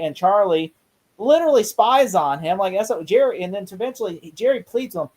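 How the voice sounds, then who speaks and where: Excitable rambling podcast host. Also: medium pitch, brisk. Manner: excited, rambling retelling with frequent laughs. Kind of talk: casual movie review chat.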